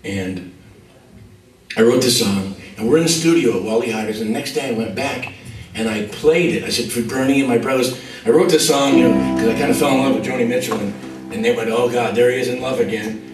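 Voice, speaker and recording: A man, a musician, telling a lively anecdote and acting out other people's voices. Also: medium pitch, a little fast, echoey room, distant mic, soft background music, low-quality recording. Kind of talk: anecdotal storytelling.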